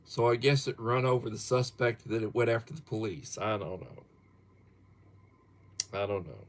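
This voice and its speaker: A middle-aged man hosting a casual livestream, reading topics aloud with chuckles. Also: fairly low pitch. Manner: slow, chuckling, reads viewer topics aloud. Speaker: livestream host.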